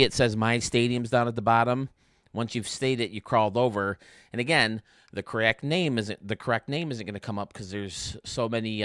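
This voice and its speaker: Low-voiced man hosting a gaming stream. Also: fairly bright tone, dry recording, clean studio sound. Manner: chatty, explains menus step by step. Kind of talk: casual livestream game walkthrough. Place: at home.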